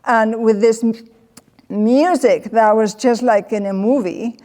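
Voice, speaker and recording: A woman giving a comedic personal storytelling talk, animated and acting out the voices of the people she quotes. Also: a little high, a little slow, in a large hall. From Spain. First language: Spanish. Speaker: presenter.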